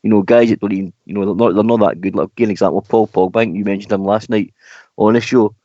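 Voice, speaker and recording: Low-voiced opinionated caller. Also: male voice, steady tone, quick pace, dark tone, no echo. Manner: opinionated, says mate often. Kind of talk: casual radio phone-in chat. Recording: dry lo-fi phone-in audio.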